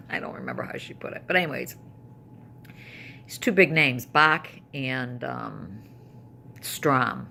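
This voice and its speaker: A woman's voice: a bass voice, expressive, slow pace, gravelly, long pauses, pushed and bright, a little hiss or hum. An older woman talking casually to camera at home in a personal vlog, rambling with restarts and trailing thoughts. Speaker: vlogger.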